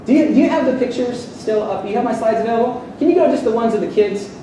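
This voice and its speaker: A man's voice: very high-pitched, fast talker, background noise. A man giving a sarcastic, fired-up debate speech to a live audience at a seminary. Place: seminary hall. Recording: echoey hall, distant mic.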